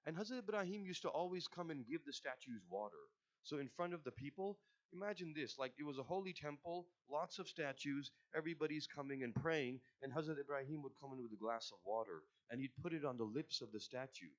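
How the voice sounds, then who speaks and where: A man telling a religious story in a sermon, expressive and speaking directly to his listeners, recorded at a religious centre. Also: fairly high pitch, a little fast, lo-fi sound. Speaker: majlis speaker.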